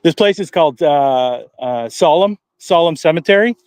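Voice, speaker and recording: A man reports from a quiet cemetery during a live paranormal investigation. He stumbles through his thoughts with ums and restarts and slips in dry sarcasm. His voice sits a touch high and sounds close and dry. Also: expressive, moderate pace, clear, resonant tone, no echo. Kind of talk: casual live-stream chat. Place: outdoors at a cemetery at night.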